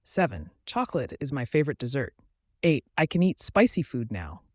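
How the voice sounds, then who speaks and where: A man reading numbered everyday phrases slowly and clearly for learners. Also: medium pitch, very animated, dry recording, studio quality. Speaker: English teacher.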